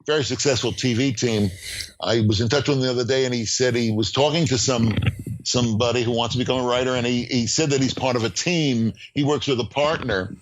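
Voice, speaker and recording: An older man, a screenwriting professor, talking as a podcast guest in an animated, emphatic storytelling way with frequent fillers and restarts. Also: medium pitch, a little fast, rough recording. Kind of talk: podcast interview.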